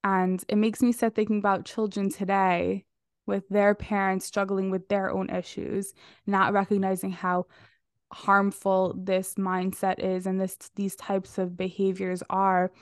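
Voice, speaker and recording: A woman's voice: mid-range voice, monotone, measured pace, smooth, no echo, studio quality. A woman dietitian hosting a podcast, asking questions in a supportive, casual way with many fillers. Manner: supportive, lots of um and like. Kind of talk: casual interview conversation.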